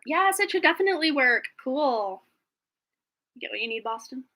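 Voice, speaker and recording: A woman talks through a live tarot stream in a loose, rambling way, laughing often between thoughts. Her voice is bright and sits a little high, with a slight phlegmy catch left over from being sick. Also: expressive, moderate pace, a little hiss or hum. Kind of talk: casual live-stream chat.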